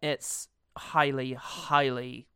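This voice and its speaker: A man's voice: mid-range voice, flat delivery, drawn-out words, bright, forceful tone, clear, resonant tone, dry recording, clean studio sound. A man co-hosting a podcast in casual chat, playful and sarcastic, laughing often. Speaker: podcast co-host.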